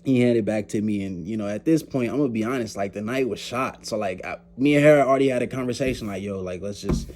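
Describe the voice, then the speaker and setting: A man's voice: on the low side, fast talker, hardly any pauses, slight background noise. A young man vlogging, telling a story in a loose, slangy way, laughing often and acting out the other people's lines. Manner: animated, slangy, laughs often, acts out quoted voices. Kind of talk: casual storytelling.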